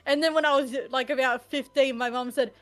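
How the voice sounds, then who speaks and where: A woman player in a tabletop game talks bluntly and swears freely. Her voice sits a little higher than most. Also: steady tone, a little fast, a bit bright, faint music behind. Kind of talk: casual role-play chat.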